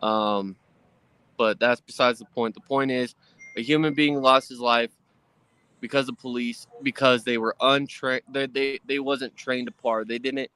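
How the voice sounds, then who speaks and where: An emotional man speaks as a guest in a casual chat, ranting with heat and a lot of cursing. His voice sits in a middle range of pitch, and the sound is dry and close. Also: pushed and bright, clean tone, no echo. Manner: heated, profane ranting.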